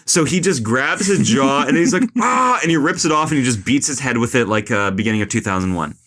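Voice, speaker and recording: A young man hosts a laid-back film podcast, his mid-range voice a bit bright as he talks fast. He retells a movie in a rambling, jokey way, packed with "like" and "uh."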